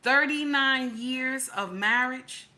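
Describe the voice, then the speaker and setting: A woman's voice: high-pitched, slow pace, bright, forceful tone. A middle-aged woman hosting an opinionated livestream, blunt, profane and preachy, greeting her chat as she talks. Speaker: livestream host.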